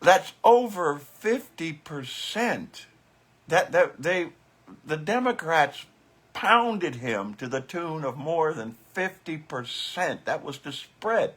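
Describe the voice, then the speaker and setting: A man's voice: fairly high pitch, expressive, slow pace, fairly bright tone, slightly rough. Sarcastic, profane male live-show host. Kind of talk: casual live political commentary.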